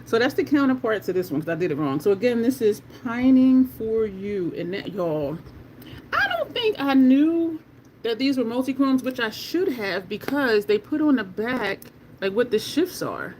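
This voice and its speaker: An excitable, chatty beauty livestream host swatching makeup at home and talking straight to the chat. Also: medium pitch, normal speed, slight background noise. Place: at home in Delaware.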